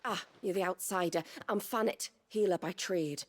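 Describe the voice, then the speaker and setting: A woman's voice: on the low side, moderate pace, close to an everyday voice. An actress playing a caring village healer who earnestly explains her patient's illness in video game dialogue. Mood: concerned.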